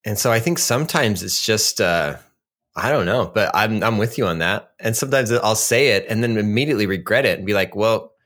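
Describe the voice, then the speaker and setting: A man's voice: lowish voice, lively intonation, a little fast, fairly bright tone. A young adult man co-hosting a podcast, easygoing and chatty, who laughs often and calls his friend "man" and "dude". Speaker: podcast co-host. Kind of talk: casual chat.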